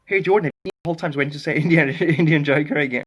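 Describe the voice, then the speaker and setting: A man's voice: fairly high pitch, rapid-fire, breathy edge. A man chatting casually on a phone live stream, rambling, chuckling and answering viewers' comments, with playful attempts at German phrases.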